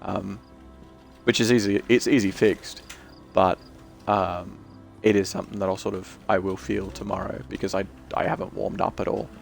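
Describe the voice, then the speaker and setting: A man chats casually while gaming. His voice is low and croaky, and his talk rambles with restarts. Faint music plays behind him. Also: level tone, moderate pace. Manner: rambling, many restarts and fillers. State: croaky, tired voice. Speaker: game streamer.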